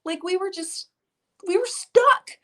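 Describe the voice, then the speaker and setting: A woman's voice: very high-pitched, a little slow, sharp tone, rough recording. A woman hosting a live stream, chatting and telling a story with bubbly, effusive energy. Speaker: host of a live painting stream. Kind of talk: casual live-stream chat.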